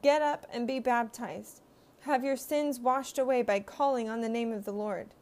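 A woman voicing a devout, godly man who speaks gently and urges action. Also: fairly high pitch, steady tone, normal speed, close to an everyday voice. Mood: gentle. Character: godly devout older man giving a blessing.

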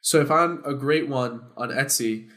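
A young man co-hosting a podcast, telling a story casually to friends. He gets loud and laughs when worked up. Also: medium pitch, moderate pace. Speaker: podcast co-host.

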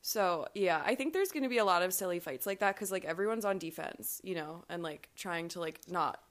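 A woman's voice: on the low side, lively intonation, brisk. A woman talking as a podcast guest in casual chat, rambling along and filling her speech with "like.". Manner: rambling, heavy use of "like" fillers. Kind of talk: casual chat recapping a reality show.

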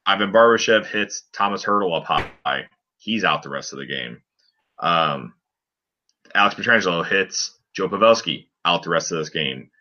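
Deep-voiced man recapping hockey, lo-fi. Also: expressive, moderate pace, pushed and bright. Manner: rambling play-by-play recap with frequent fillers. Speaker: podcast co-host. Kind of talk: casual sports podcast chat.

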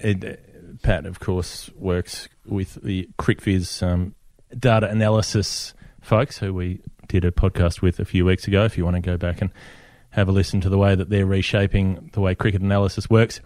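A man's voice: sits low, level tone, moderate pace, a little mellow, no room sound, studio quality. A man, co-hosting a casual podcast chat in a wry, chatty way and thanking listeners by name. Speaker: podcast co-host.

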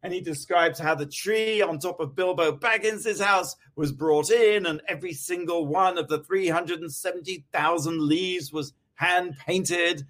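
Wry high-voiced man in casual chat. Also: measured pace, hardly any pauses, a bit bright. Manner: wry, casual, swears offhandedly. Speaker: co-host.

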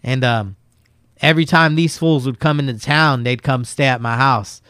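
A man casually telling profane, laughing stories about a friend in a relaxed chat. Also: medium pitch, normal speed, smooth, no echo, clean studio sound. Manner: laid-back, profane, laughs through his stories.

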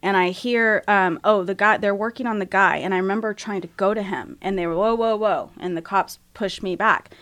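Woman telling a raw, halting story. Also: mid-range voice, steady tone, fairly bright tone. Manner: frank, halting, emotional retelling. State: tearful. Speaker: guest. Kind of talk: candid personal storytelling.

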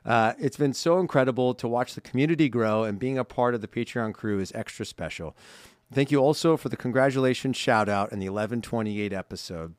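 On a holiday podcast, a male co-host reads listener cards aloud, chatty and laughing often. His medium-pitched voice moves fairly quickly, recorded on a studio microphone in a studio with no room sound.

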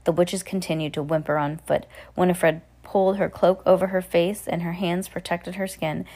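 A woman's voice: on the low side, flat delivery, moderate pace, mellow. A woman reading a storybook aloud to a child at home, casual, stumbling and correcting herself.

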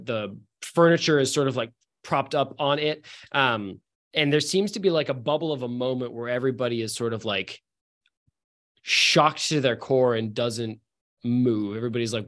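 A man's voice: medium pitch, fairly bright tone. A man narrating as game master in a loose, filler-heavy way.

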